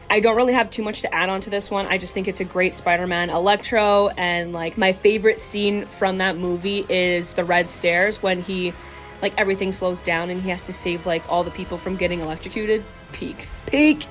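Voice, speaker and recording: A young adult woman vlogging a casual movie ranking, enthusiastic and gushing, full of "like". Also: mid-range voice. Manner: enthusiastic, gushing, filler-heavy.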